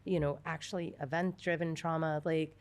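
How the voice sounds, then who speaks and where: A woman co-hosting a recovery podcast, thoughtful and affirming, often pausing with fillers. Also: low-pitched, steady tone. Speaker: podcast co-host, recovery meeting leader. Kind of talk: casual podcast conversation.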